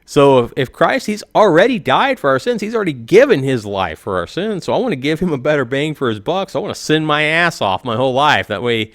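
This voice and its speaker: A man's voice: medium pitch, big pitch swings, brisk, few pauses, no room sound, studio quality. A man in his forties, a YouTuber giving a rambling comedic monologue and laughing at his own jokes. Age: 40s.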